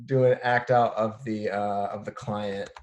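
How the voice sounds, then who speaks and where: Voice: medium pitch, steady tone, a little slow, a little mellow, reverberant. A comedy student talking hesitantly in casual chat.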